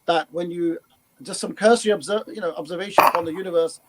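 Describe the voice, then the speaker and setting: Male guest, explains carefully, hesitant, slightly high voice, faint hiss behind. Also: fast, fairly bright tone, low-quality recording. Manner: explanatory, hesitant with fillers and restarts. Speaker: guest speaker. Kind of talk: casual podcast chat.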